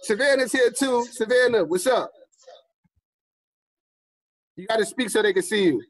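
A man hosting a casual video call reunion, talking in an excited, emotional and rambling way. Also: high voice, normal speed, no room sound. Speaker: host.

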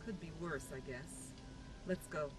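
A terse, aloof young warrior. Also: female voice, deep voice, a little slow. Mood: cool. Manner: calm, terse, dry. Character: aloof young female warrior, cool and curt. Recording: game audio from far off, under music.

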